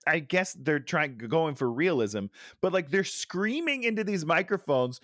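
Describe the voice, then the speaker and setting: Exasperated middle-aged man, lively pitch. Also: unhurried, no echo, studio quality. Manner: exasperated, ranting, sighing. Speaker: podcast co-host. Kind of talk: casual movie-review chat. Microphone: headset.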